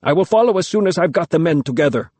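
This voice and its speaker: A stern, commanding village father barks orders, his voice pushed high and loud as he bellows across the courtyard, put on by a male narrator. It sounds close and dry, with no room around it. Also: animated, fast, no room sound.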